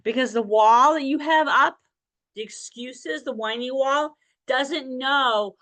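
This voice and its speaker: A woman's voice: fairly high pitch, moderate pace, a bit bright, dry recording. A woman hosting a podcast, talking directly and encouragingly to listeners and often checking in with "okay?". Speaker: podcast host. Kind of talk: motivational podcast talk.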